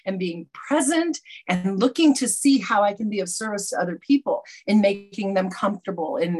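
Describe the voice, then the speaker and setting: A middle-aged woman giving an earnest, reflective personal testimony about her recovery, often restarting her sentences. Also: mid-range voice. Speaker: speaker sharing a personal recovery story.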